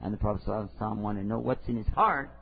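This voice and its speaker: Husky male preacher, tinny lo-fi sound. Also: lowish voice, racing. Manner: conversational, storytelling with rhetorical questions. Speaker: Islamic preacher. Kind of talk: religious lecture. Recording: tinny phone-like lo-fi recording.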